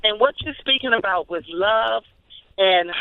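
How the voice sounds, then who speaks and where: A woman's voice: medium pitch, measured pace, smooth, no echo. A woman calling in to a radio show, speaking from the heart in heartfelt, emotional praise. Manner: emotional, heartfelt, churchy affirmations. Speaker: caller. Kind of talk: call-in comment. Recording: tinny phone line.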